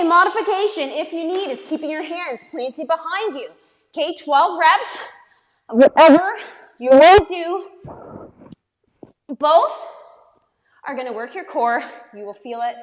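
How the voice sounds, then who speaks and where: A young woman coaching a bodyweight workout with a bright, high voice. She cheers people on and counts reps out loud, her voice ringing with a long reverb around the room. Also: moderate pace. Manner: upbeat, encouraging, counting reps aloud. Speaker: fitness coach. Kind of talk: workout instruction.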